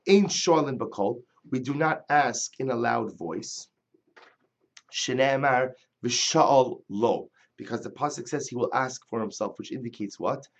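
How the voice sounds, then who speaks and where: A man teaching a Talmud lesson, reading the Hebrew and Aramaic text aloud and then explaining it in plain English. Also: medium pitch. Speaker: Torah teacher. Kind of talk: Talmud class lecture.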